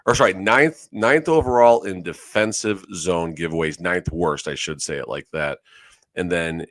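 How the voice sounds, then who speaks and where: A man's voice: sits low, normal speed, fairly bright tone, no room sound. A man co-hosting a sports podcast in casual chat, rambling and often correcting himself. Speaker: podcast co-host.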